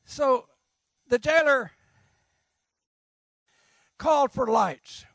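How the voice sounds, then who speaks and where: A middle-aged man preaching with humor and passion, his voice strikingly high with a gravelly, fry-laden edge. The sound is close and dry, with little room around it. He asks his listeners questions as he goes. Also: very slow, a bit bright, dry recording. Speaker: pastor. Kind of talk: sermon.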